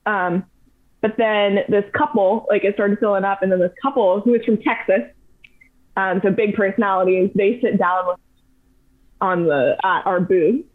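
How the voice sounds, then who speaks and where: A young woman in her twenties, a podcast guest, telling travel stories in a chatty, animated way with lots of "like". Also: mid-range voice, moderate pace. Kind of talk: casual storytelling. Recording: tinny phone-like line.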